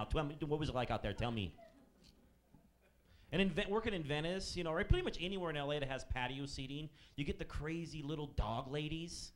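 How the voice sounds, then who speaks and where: A man's voice: a little high, animated, fairly quick. A man in his thirties performing a stand-up set on a comedy club stage, telling profane, sardonic stories about waiting tables. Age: 30s.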